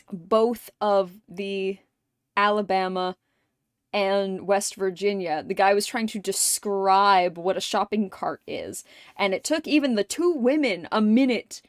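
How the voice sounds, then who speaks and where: A woman's voice: medium pitch, no room sound, clean studio sound. A woman streamer chatting casually with viewers, swearing freely, laughing often and rambling through anecdotes.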